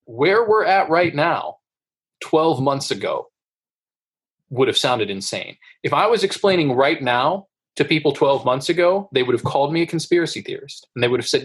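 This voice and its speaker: A man co-hosting a podcast, talking in a casual, animated way and acting out what others would say. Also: a little high, moderate pace, breathy edge. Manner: animated, acts out quoted voices. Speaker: podcast co-host. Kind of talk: casual chat.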